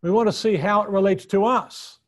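A man teaches a conference session on the Bible with a somewhat high voice. His delivery is earnest and unscripted, and he often restarts his sentences as he works out his point. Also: normal speed. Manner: earnest, thinks aloud with frequent restarts and fillers. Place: conference room.

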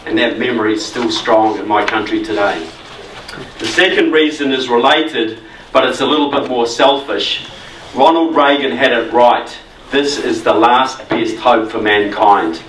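A man's voice: medium pitch, a little slow, a bit bright, slight background noise. New Zealand man speaking in an echoey hall. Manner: conversational, emphatic. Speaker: guest speaker. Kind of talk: public political talk. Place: meeting hall. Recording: echoey hall, mic from far off.

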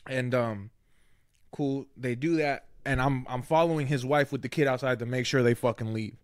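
A man co-hosting a casual podcast, spinning a story with plenty of profanity and quoted lines. His voice sits at an ordinary pitch and is recorded close and dry. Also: normal speed, smooth, no echo. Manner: swears a lot, storytelling with quoted dialogue. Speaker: podcast co-host; former casino security worker. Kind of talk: casual chat.

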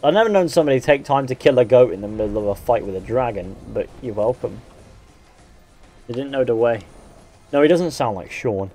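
English male game streamer, mixed Northern and West Country accent with a Midlands sound, mid-pitched, blunt and sweary, faint music behind. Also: lively intonation, fairly quick, dark tone. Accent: English, Northern and West Country mix with a Midlands sound. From England. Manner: blunt, sweary banter, reading viewer comments aloud. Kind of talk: casual live-stream chat while gaming.

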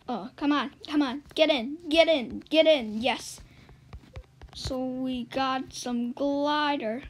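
A woman giving let's-play game commentary as a YouTuber, swinging between loud excited yelps and low muttered asides. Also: takes it slowly, slight background noise, low-quality recording. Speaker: gaming YouTuber.

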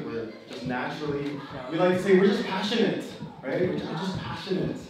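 A man from the Philippines, preaching to a live group as pastor and host. He is emphatic and keeps repeating his key phrases. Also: a little high. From Philippines (Kapampangan). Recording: echoey room, distant mic, background noise.

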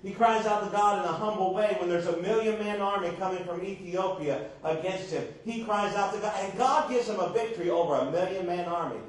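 Male pastor, emphatic sermon delivery, high voice, far from the mic in a booming echoey church. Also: a little fast, hardly any pauses, slight background noise. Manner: emphatic preaching with rhetorical questions to the congregation.

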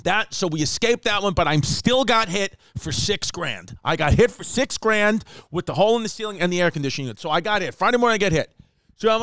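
A man tells a long comic story on his podcast, swearing and ranting with animated energy. His voice sits a little high and comes through smooth and clear. The close mic sounds dry, with no room around it. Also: moderate pace, no room sound. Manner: animated, profane, slips into mock voices and Spanish phrases. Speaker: podcast host. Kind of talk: comedic storytelling.

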